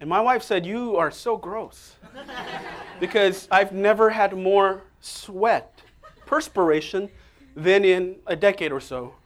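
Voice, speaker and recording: Energetic man preaching a sermon. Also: high-pitched, measured pace. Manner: energetic, call-and-response prompts to the congregation.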